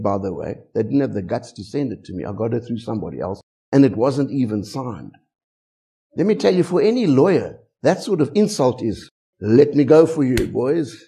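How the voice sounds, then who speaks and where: A middle-aged man with a South African English accent, preaching a sermon with animated storytelling and many rhetorical questions. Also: medium pitch, vocal fry, breathy edge. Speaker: pastor.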